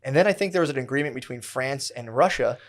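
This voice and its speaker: A man's voice: medium pitch, animated, quick pace. A young man rambling through a story on a podcast, loose and full of slang and swearing. He keeps slipping into mocking voices for the people he talks about. It comes across as an easy chat between friends. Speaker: podcast co-host. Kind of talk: casual chat.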